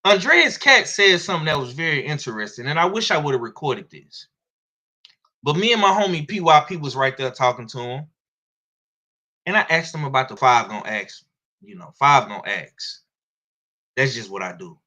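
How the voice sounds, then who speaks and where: A man with a Southern US accent giving blunt, slangy, profane boxing commentary in a casual, animated way. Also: mid-range voice, moderate pace.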